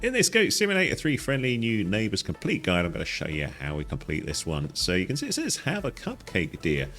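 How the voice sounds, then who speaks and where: A man hosting a playful, animated game walkthrough, often calling viewers his friends. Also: lowish voice, quick pace, faint music behind. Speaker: gaming guide host.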